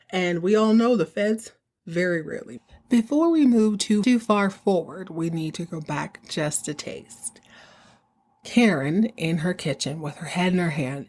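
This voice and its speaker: A woman hosting a podcast, casually recapping a TV episode in an animated, slangy way and acting out the characters. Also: lowish voice. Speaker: podcast host.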